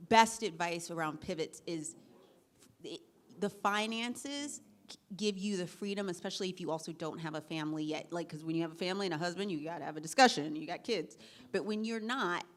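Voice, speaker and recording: A middle-aged woman speaks as a panelist at an average pitch. Her advice comes out animated and conversational, full of laughing asides. She acts out remembered dialogue as she goes.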